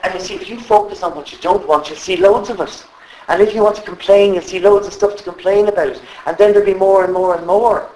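A man leading a live workshop, animated and constantly asking the group questions. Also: high voice, fast talker, recorded from a distance, slight background noise. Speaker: trainer. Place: training room with live audience. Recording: echoey room with faint ambience.

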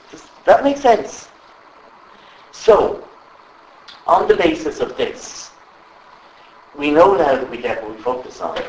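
Male trainer, fairly high and very lively voice, quizzing a live group; echoey room, faint background hum. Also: far from the mic. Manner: animated, asks the audience constant questions. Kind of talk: live workshop talk to a group.

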